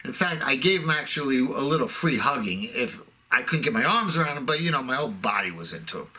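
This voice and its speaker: A man's voice: mid-range voice, lively intonation, fast talker, pushed and bright, breathy edge. A middle-aged man telling a sarcastic, self-mocking comic rant. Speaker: comedic ranter.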